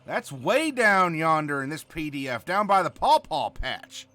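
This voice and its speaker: A folksy backwoods bumpkin with a thick, exaggerated Southern US drawl, as a man puts him on. He talks high and slow, swooping up and down as he mangles his grammar, and his tone is bright and sharp. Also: sing-song, dry recording, heavily acted. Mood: hammy. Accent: exaggerated Southern US drawl, put on. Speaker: host doing a joke voice. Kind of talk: comic bit in a game-rules discussion.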